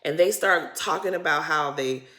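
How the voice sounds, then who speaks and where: A woman giving a casual reality-TV recap, chatty and slangy, swinging between loud emphasis and muttered asides. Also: sits low, normal speed. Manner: chatty, slangy and dramatic, addressing viewers as "y'all". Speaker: recap vlogger.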